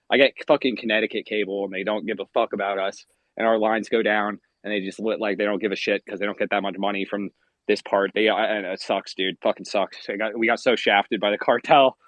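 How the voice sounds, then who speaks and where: A man talks in casual, profane bursts, pacing outdoors on a spotty call. The sound is dull and lo-fi, with little room echo. He rants with rising heat. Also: on the low side. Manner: profane, rants loudly and gets worked up. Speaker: podcast host. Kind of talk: casual chat over a call. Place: outside, pacing. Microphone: phone call at the edge of wifi range.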